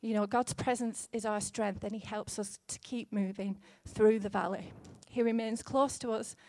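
A woman in her thirties preaching a sermon in an earnest, gently conversational way, with fillers here and there. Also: mid-range voice, fairly even intonation, normal speed.

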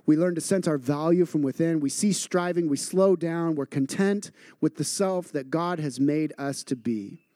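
A man's voice: on the high side, moderate pace, warm tone, dry recording, studio quality. A man preaching a sermon as a pastor, earnest and repeating phrases for emphasis. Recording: music playing underneath.

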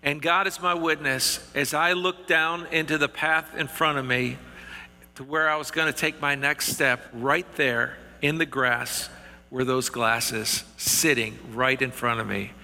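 A middle-aged male pastor tells his story in a slightly raised, very bright voice. He speaks in a folksy, earnest way and stumbles and restarts often. His words ring out with the long reverb of a large hall. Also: fairly high pitch, fairly even intonation, unhurried. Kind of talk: storytelling sermon.

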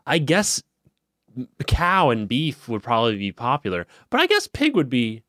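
A man's voice: medium pitch, huge pitch swings, moderate pace, a bit bright, dry recording, clean studio sound. A young man co-hosting a casual podcast chat, musing aloud and trailing off mid-thought. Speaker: podcast co-host.

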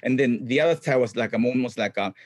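A middle-aged man, a guest chatting in an interview in upbeat, halting English full of ums. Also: mid-range voice, no room sound. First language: Japanese. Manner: upbeat, frequent ums, non-native phrasing. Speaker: guest, clown comedian and actor. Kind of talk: casual interview chat.

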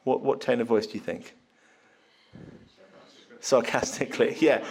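Man, sermon, conversational, animated, mid-pitched voice. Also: unhurried, gravelly, long pauses, husky. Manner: conversational, animated, chuckling storyteller. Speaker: preacher.

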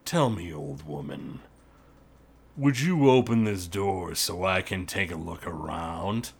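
A man voicing a gruff, menacing male orc boss who speaks low and slow through a door. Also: lively intonation, exaggerated voice.

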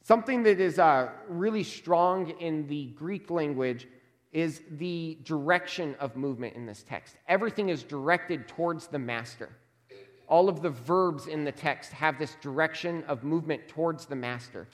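A man preaching a sermon as a pastor, emphatic and measured, slowing down to stress key words. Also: a little high, in a large hall.

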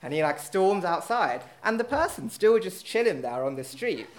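A man's voice: high voice, very animated, moderate pace. A man telling a casual anecdote on stage, rambling with lots of fillers and poking fun at himself. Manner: rambling, filler-heavy, self-mocking. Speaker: storyteller at a live event.

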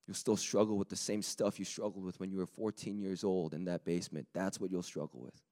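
A man preaching a sermon with a slightly raspy voice, talking in a lively, conversational way that builds to emphatic peaks. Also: low-pitched, fairly quick.

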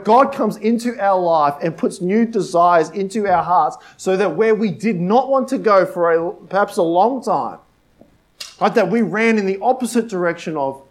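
A man delivers a sermon in a chatty, conversational way, his voice sitting a little higher than most men's. He keeps checking in with "right?" and repeats his key lines, sometimes dropping almost to a hush. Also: normal speed. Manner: conversational preaching with frequent "right?" and "like" asides; repeats key phrases for emphasis, drops to a hush at times. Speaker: pastor.

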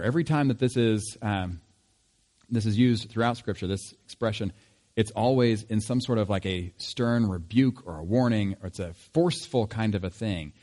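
A man's voice: fairly low pitch, dark tone. A man preaching a sermon in a conversational tone, asking rhetorical questions. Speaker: pastor.

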